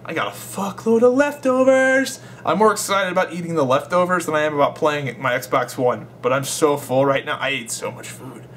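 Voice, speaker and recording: A man's voice: fairly high pitch, normal speed, few pauses, fairly bright tone, a little hiss or hum. A young man telling a rambling, swear-filled story in a casual vlog. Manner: rambling, swears a lot, laughs while telling. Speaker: gaming vlogger.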